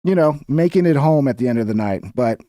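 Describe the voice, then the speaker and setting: A man's voice: medium pitch, lively intonation, fairly quick, dark tone, no room sound, studio quality. A man giving casual live-stream commentary on news clips, crude, swearing and mocking.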